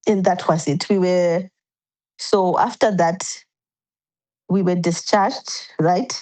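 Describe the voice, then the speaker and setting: A woman's voice: lowish voice, fairly even intonation, takes it slowly, darkish tone, low-quality recording. A woman as a podcast guest, earnestly recounting a painful personal story step by step, often restarting her sentences.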